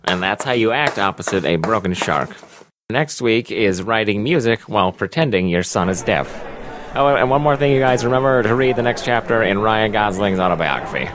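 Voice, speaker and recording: A man voicing a grumpy, self-absorbed old actor and acting teacher, gruff and rambling, swearing as he goes. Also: on the low side, lively intonation, fairly quick, background noise, close to an everyday voice. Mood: smug.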